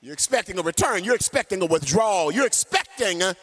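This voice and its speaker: A man pastor preaching a sermon and telling a story in an animated way, sometimes singing his phrases. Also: high-pitched, quick pace. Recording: long church hall reverb.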